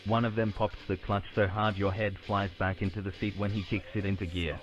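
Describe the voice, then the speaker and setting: A male text-to-speech voice reading adventure story text in a flat, even manner. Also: fairly low pitch, a little fast, muffled recording, soft background music. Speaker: game narrator voice. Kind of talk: synthetic story narration.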